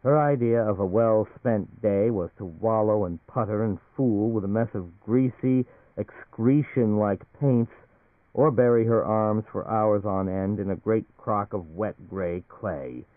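A man narrating a novel in a measured, even storytelling manner. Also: lowish voice, no echo. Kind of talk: audiobook novel reading on radio. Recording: tinny dry radio broadcast.

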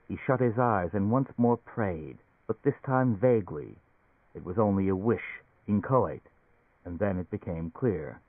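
A man reading a science fiction novel aloud as audiobook narrator, in a measured storytelling manner. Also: fairly low pitch, dry recording. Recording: dry, phone-like narrow sound.

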